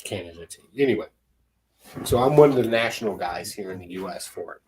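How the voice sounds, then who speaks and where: Low-voiced man telling stories. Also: lively intonation, a little fast, a crowd in the background, poor audio. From United States. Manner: rambling, jokey storyteller with frequent laughs. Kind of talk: casual chat.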